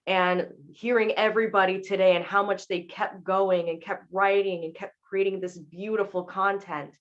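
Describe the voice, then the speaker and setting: A woman's voice: mid-range voice, highs cut off. A woman voiceover actor on a panel discussion, speaking in a reflective, earnest way.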